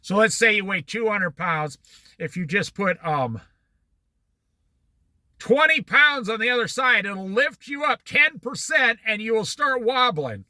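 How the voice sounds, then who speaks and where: A man with a high, very bright and sharp voice gives a motivational talk. His pitch swings widely as he tells homely examples. He drives each point home by repeating it. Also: lively intonation, measured pace, dry recording. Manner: folksy, repeats points for emphasis. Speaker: speaker.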